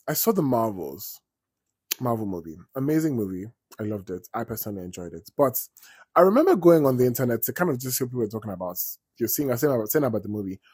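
A man chatting as a vlogger, wandering off on tangents and swearing freely. His voice is slightly husky, at a middle pitch for a man. The recording sounds dry and close. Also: a little mellow, no echo. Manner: chatty, digressive, swears casually. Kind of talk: casual storytelling commentary.

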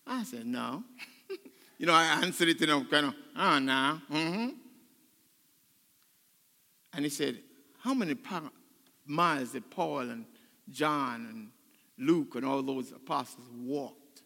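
An older man preaching a sermon as pastor, choked up and emotional, building to loud, fervent passages. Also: fairly high pitch, takes it slowly, gravelly, pauses often, in a large hall. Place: church sanctuary.

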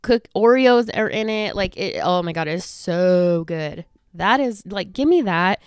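A young woman hosts her own podcast, chatting casually into a close microphone, rambling through fillers and false starts. She sounds a touch out of breath. Her voice is smooth and clear, and the sound is dry, with no room around it. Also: medium pitch, animated, unhurried, dry recording. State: a little out of breath. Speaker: podcast host. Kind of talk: casual chat. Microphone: studio microphone close to the face.

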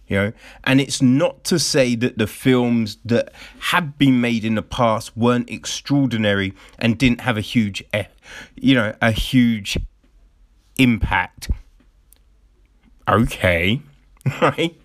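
A man delivers a casual, profane rant full of sarcasm. He takes his time and drags out his words. His voice sits at a middle pitch, recorded close and dry with no room sound. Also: takes it slowly, dry recording. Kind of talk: casual ranting commentary.

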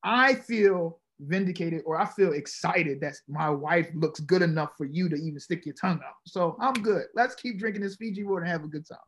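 A man talking as a podcast guest, telling stories casually and acting out the dialogue with lively energy. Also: fairly high pitch, a little fast, few pauses, slight background noise. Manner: animated, acts out quoted dialogue. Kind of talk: casual conversational storytelling.

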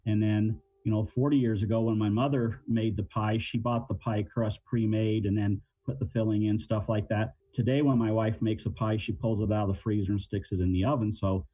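A middle-aged man with a low, warm, dark voice explains communication plainly, using everyday examples. He talks like an interview guest who trains negotiators. The sound is muffled and lo-fi, as if over a remote line. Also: fairly even intonation, brisk, few pauses, no room sound. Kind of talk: interview answers.

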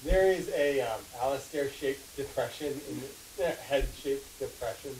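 Player, lively voice, laid-back, far mic, faint hiss. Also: medium pitch, moderate pace. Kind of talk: tabletop game chat. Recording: echoey room, distant mic, faint hiss.

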